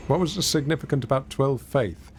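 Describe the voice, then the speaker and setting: A man's voice: medium pitch, normal speed, creaky, slight background noise. A man streaming a video game, telling rambling, self-mocking stories and reacting aloud to play. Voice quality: lively, rambling storyteller with self-mocking humour. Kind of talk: casual gameplay commentary and storytelling.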